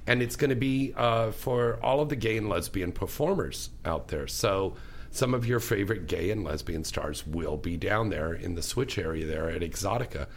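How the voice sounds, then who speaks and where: A man's voice: sits low, moderate pace, a little hiss or hum. A man hosting a talk radio show, chatting in an effusive, enthusiastic way.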